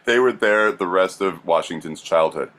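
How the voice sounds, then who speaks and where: Low-voiced male podcast co-host, plain and casual storyteller. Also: moderate pace, a bit bright. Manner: plain, with frequent fillers.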